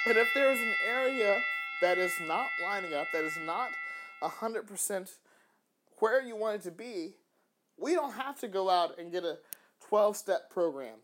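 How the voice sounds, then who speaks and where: A man hosting a faith-based podcast, talking in an animated way with frequent restarts. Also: high voice, normal speed. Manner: animated, acts out little dialogues, frequent restarts. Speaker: podcast host.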